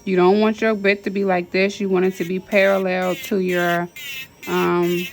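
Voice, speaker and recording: A woman teaching a nail class demonstrates drill work with chatty, repeated step-by-step instructions and Southern US slang, a nail drill whirring nearby. She speaks at a moderate pace in a fairly low voice with little pitch movement, over slight background noise.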